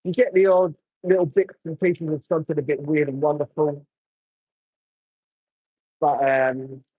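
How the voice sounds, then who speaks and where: A man with a slightly high voice chats easily while he works on a car, answering viewer comments as he goes. The sound is dry and close, picked up on a phone outdoors. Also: flat delivery, a little slow, husky, dry recording, phone-quality sound. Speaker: car detailer livestreaming. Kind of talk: casual live chat while working.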